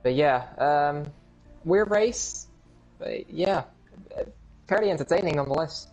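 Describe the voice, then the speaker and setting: A man's voice: fairly high pitch, lively intonation, measured pace, a little mellow. A man co-commentating a post-race show with a dry, teasing manner. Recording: dull lo-fi mic with music.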